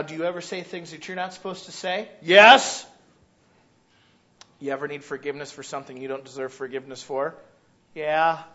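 High, bright-voiced preaching man. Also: muffled recording. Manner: animated preaching, acting out quoted voices, shouts rhetorical questions. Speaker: pastor. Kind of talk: sermon. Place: church.

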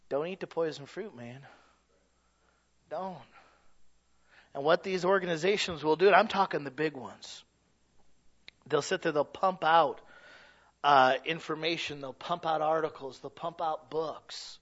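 A man preaching a sermon in an animated, folksy way that sometimes rises to a shout. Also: fairly high pitch, measured pace, long pauses. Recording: dull lo-fi sound.

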